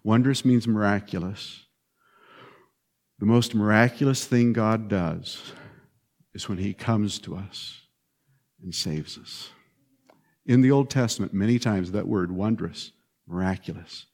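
A male pastor preaching a sermon in an animated, emphatic way, swinging between loud stresses and hushed lines and repeating short phrases. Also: fairly low pitch, measured pace, pauses often.

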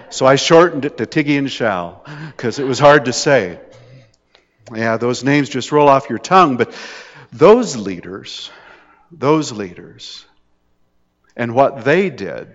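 A man's voice: medium pitch, a bit bright. A man preaching a sermon in a conversational style, with jokes and rising intensity on the dramatic points. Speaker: pastor. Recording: dull lo-fi hall recording.

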